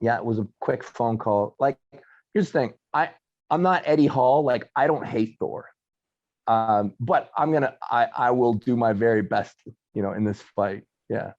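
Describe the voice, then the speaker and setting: A middle-aged man speaking in an everyday mid-range voice, relaxed and reflective as he chats as a podcast guest. He often slows down to weigh his words. The audio is a little dull and lo-fi. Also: medium pitch. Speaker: guest, arm wrestler. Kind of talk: casual conversation.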